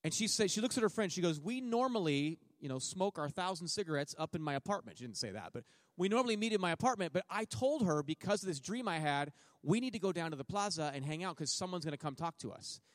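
A man's voice: on the high side, lively intonation, quick pace, no room sound, studio quality. Joking missionary man telling a story. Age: middle-aged. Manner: joking storyteller, acts out his own and others' words. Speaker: missionary speaking at a church. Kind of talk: sermon testimony.

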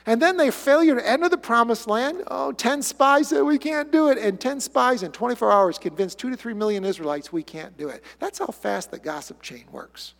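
A male pastor preaching a sermon in an animated way, with sarcastic asides. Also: very high voice, normal speed, vocal fry, hardly any pauses. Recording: long hall reverb.

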